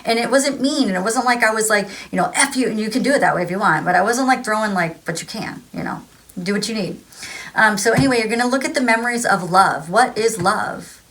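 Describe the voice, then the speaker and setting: A woman's voice: mid-range voice, fast, fairly bright tone. Rambling woman giving spiritual advice. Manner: rambling, filler-heavy, acts out voices. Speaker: spiritual vlogger. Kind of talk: casual spiritual advice talk.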